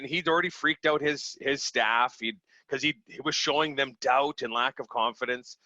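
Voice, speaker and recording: A man, a small business owner from Canada, telling stories in a casual, animated way and acting out the people he quotes. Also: medium pitch, normal speed, dry recording, dull audio. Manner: animated, acts out quoted people, laughs easily. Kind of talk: casual storytelling over video call.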